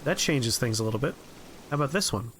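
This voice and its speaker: A man streaming a game, rambling through profane, relaxed anecdotes as he plays. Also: mid-range voice, quick pace, a little hiss or hum. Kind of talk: casual gameplay commentary and storytelling.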